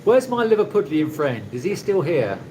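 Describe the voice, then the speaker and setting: An English livestream host chats casually and ramblingly with viewers from his condo in the Philippines, laughing often. His voice is a little high and mellow with big pitch swings at normal speed, and there's a little hiss or hum.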